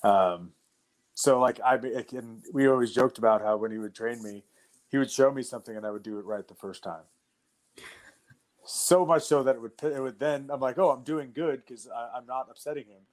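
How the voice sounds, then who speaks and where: A young adult man, a wrestler and guest on an interview show, telling stories in a loose, animated way with lots of fillers. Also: medium pitch, normal speed. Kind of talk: casual storytelling.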